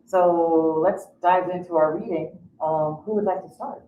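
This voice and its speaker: A woman moderator in a bookstore reading a guest's bio aloud and adding quick asides. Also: fairly low pitch, steady tone, narrow, tinny audio, a little hiss or hum. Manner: reads bios, ad-libs asides. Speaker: event moderator. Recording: distant voice in an echoey bookstore.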